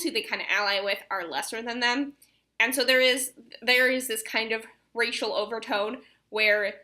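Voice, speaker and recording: A woman's voice: fairly high pitch, bright, forceful tone. A young woman chatting casually about books she plans to read, rambling with fillers and restarts. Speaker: book vlogger. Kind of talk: casual chat.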